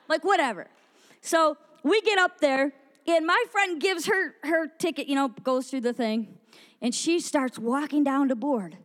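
A woman preacher telling an animated story in a sermon to a women's gathering, acting out the people she quotes. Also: sits high, normal speed, long reverb tail. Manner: animated, acts out quoted voices.

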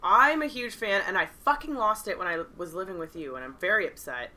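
A young woman in a casual chat with friends, earnest, pausing with "um" and swearing now and then. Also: medium pitch, bright, forceful tone.

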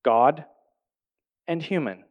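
A man giving earnest, reflective Bible teaching in a sermon style, asking his listeners questions and dropping to a soft, quiet voice at tender points. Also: on the high side, takes it slowly, narrow, tinny audio.

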